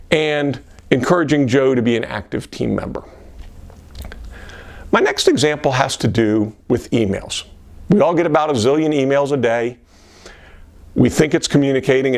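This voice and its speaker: Gravelly, lively-voiced man teaching engineers. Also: mid-range voice. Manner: acts out sample questions in a gentler voice. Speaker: systems engineering presenter. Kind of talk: instructional talk to camera.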